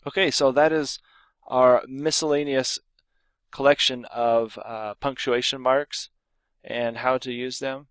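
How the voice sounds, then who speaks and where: A man gives a recorded grammar lesson, calmly explaining rules and reading out example sentences. His voice sits at a middle pitch. The recording is close and dry, with no room sound. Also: slow, dry recording. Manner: explains with read-aloud example sentences, some fillers and restarts. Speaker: grammar teacher.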